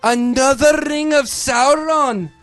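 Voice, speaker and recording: A man's voice: takes it slowly, soft background music, full character voice. A man putting on a whiny Scottish hobbit. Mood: boastful. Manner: high, wailing, swings to boastful shouting. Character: feeble, whiny young male hobbit dreaming of adventure. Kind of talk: improvised comedy sketch.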